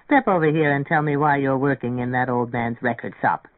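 A man voicing a boisterous, tipsy older composer who banters loudly, in an audiobook reading with a dry, phone-like narrow sound. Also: medium pitch, a little fast, dry recording, natural voice. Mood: bantering. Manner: bantering, loud.

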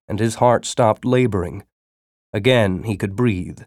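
A man narrating a science-fiction story as an audiobook, with expressive storytelling. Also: medium pitch, a little slow, no echo, clean studio sound.

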